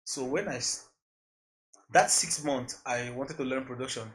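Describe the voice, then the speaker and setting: A man's voice: mid-range voice, measured pace. Earnest Nigerian man slipping into Pidgin. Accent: Nigerian, mixing in Pidgin. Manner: earnest, reflective, repeats phrases, laughs often. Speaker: podcast guest, music producer. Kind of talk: casual interview chat.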